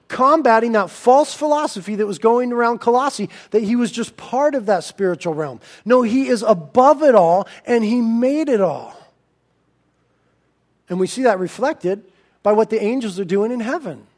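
Pastor guy preaching, super high voice, gets loud then quiet, really emphatic. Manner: animated, emphatic preaching with swings in loudness. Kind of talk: sermon.

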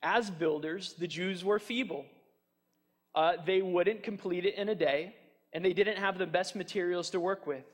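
A man preaching a sermon, animated and chatty, acting out taunts with fillers and restarts. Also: high voice, normal speed, long reverb tail. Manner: animated, mocks enemies' taunts in a raised voice. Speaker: pastor.

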